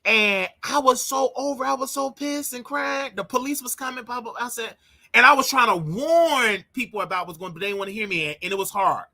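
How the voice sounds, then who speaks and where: Man with a bright voice recounting emotionally. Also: extremely high pitch, fairly quick. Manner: emotional, animated, repeats himself. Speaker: show host. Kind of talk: personal storytelling monologue.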